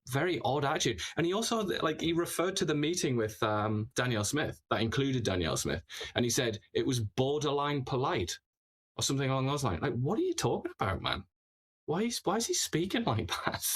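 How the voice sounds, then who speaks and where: A man's voice: mid-range voice, breathy edge. A man hosting a political commentary show, talking in an opinionated, sarcastic way, full of mocking rhetorical questions.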